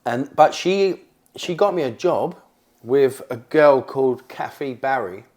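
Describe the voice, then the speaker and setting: Casting note: man, mid-pitched, chatty guest in an interview, lively and casual, swears freely. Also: a little slow. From England. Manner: animated, repeats words, acts out quoted speech, swears casually. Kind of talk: casual storytelling.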